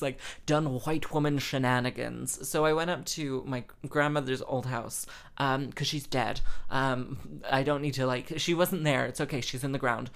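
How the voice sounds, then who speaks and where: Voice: mid-range voice, vocal fry. Young host; loose, rambling, self-mocking weekly catch-up. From English Midlands. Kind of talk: casual chat.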